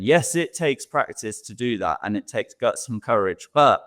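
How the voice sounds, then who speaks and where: A man's voice: medium pitch, expressive, normal speed, few pauses, fairly bright tone. A man co-hosting a talk show, giving earnest coaching advice and acting out quoted thoughts. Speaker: co-host, sex expert.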